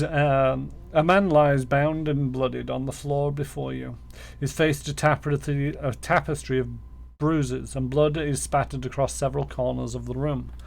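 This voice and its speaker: Slow, gravelly male game streamer. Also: mid-range voice. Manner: stumbling, self-mocking, sounding out words. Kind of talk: reading game text aloud while playing.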